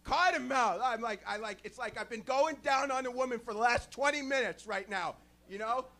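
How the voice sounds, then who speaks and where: A man doing a crude, rambling stand-up set, joking about being high. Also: normal speed, sharp tone. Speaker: stand-up comedian. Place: small club stage with a live audience.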